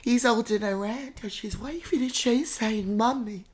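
A woman hosting a comedy podcast, playing a psychic with theatrical calls and hushed whispers. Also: on the high side, normal speed, slightly rough. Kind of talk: improvised comedy psychic reading.

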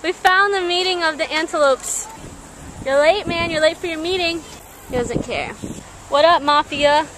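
A young woman with a very high voice, chatting and goofing around for her camera as she wanders a zoo. Her narration is jokey and playful, full of silly asides. Clear background noise from the outdoor crowds hums behind her. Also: normal speed. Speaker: vlogger. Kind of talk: casual vlog chat. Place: outdoors at a zoo and in a craft store.

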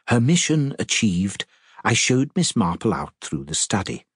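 A man with a husky voice narrating an audiobook in an expressive storytelling manner. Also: deep voice, normal speed, no room sound, studio quality.

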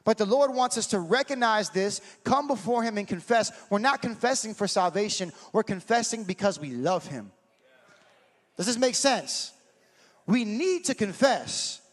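A man preaching with a high, bright voice. He is passionate and talks straight to his congregation, throwing questions at them. The sound carries a long hall reverb. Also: expressive, normal speed. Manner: passionate, shouting in bursts, talks to the crowd. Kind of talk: sermon.

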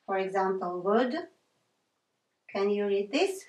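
Female teacher, slow and patient, roomy echo, mic set back. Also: medium pitch, lively intonation, darkish tone. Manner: patient, repeats sounds many times, apologizes for slips. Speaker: language teacher. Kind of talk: slow whiteboard lesson with repeated examples.

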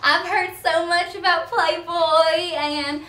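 A woman voicing a bubbly, childlike young Southern woman with a Southern accent, talking in a high, drawn-out, sing-song way. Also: steady tone, reverberant, far from the mic, background noise. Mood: giddy.

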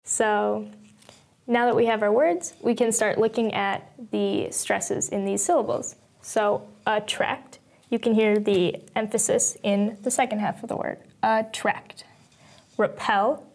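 A young woman teaching an English lesson, explaining patiently step by step and sounding out words slowly. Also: mid-range voice, steady tone, creaky, darkish tone. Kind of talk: recorded lesson narration.

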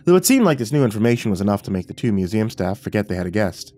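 Male horror narrator, low pitch, animated reading over a faint music bed. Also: very fast. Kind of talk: scripted narration.

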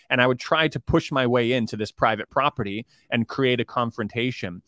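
A man's voice: mid-range voice, brisk, hardly any pauses, a bit bright, no room sound, clean studio sound. A man speaking as a guest commentator in a podcast interview, rambling, with frequent restarts and fillers. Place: based in China.

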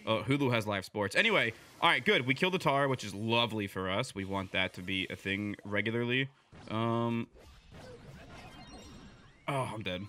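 Young man, bright voice, live gameplay commentary, chatty play-by-play, excitable, shouts at teammates. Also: fairly low pitch. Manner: excitable, bursts into loud yelling at teammates; quick chatty play-by-play, swings between mumbling and shouting. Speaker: gaming video creator.

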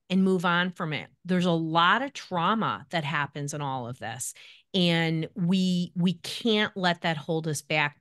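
A middle-aged woman speaking as an expert guest on a podcast, animated and acting out the voices she quotes. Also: on the low side. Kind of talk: podcast interview.

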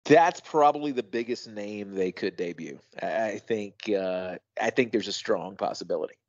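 A man co-hosting a wrestling podcast, talking in a casual, thoughtful way with halting restarts and emphatic asides. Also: fairly low pitch, dry recording, lo-fi sound. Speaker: podcast co-host.

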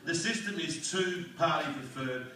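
Blunt Australian man, public speech, tense bright delivery, distant mic in a roomy hall. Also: fairly high pitch, a little slow, a little hiss or hum. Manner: fired-up, blunt, rhetorical questions, mild swearing. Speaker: speaker at a community forum. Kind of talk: rousing political speech. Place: community hall. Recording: echoey hall recorded from far off.

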